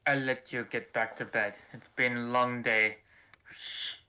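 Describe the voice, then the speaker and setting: A man's voice: mid-range voice, level tone, a little slow, pushed and bright, low-quality recording. A man voicing a huge, lonely huntress in a put-on Russian accent, speaking broken English. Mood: coy. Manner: broken English, dropped articles. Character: huge lonely female huntress, creepy but sweet.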